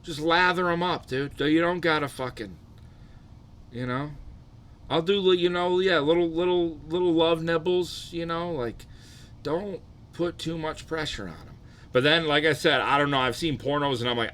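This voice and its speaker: A young adult man chatting casually and profanely on a live stream, rambling and tired, keeping his energy low. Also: normal speed, a bit bright.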